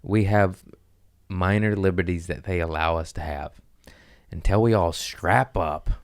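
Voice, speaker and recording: Lower-voiced male podcast host, loud, profane, rambling, laughs at his own bits. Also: unhurried. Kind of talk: casual profane podcast rant. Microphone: studio podcast mic.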